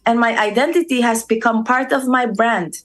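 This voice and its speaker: A middle-aged Filipina with a Filipino accent is a guest on a conversational radio interview, telling stories, acting out quoted voices, and slipping into Tagalog. Her voice is fairly high-pitched and she speaks at a normal speed.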